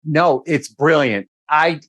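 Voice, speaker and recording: A man's voice: a little high, slow pace, fairly bright tone. A man interviewing an actor, enthusiastic and effusive in his praise. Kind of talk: interview questions.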